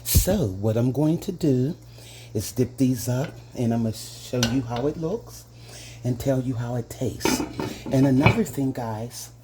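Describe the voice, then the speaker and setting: A man's voice: medium pitch, animated, measured pace, background noise. A man hosting a casual cooking demonstration in a home kitchen, chatting to his viewers as "guys" and savoring each taste with little hums. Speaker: home cooking channel host.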